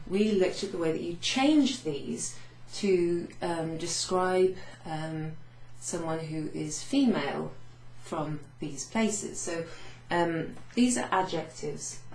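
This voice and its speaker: Woman as patient language teacher, lowish mellow voice, echoey room. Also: animated, slow, few pauses, slight background noise. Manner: patient, explains step by step with French examples. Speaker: French teacher. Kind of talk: recorded lesson recap.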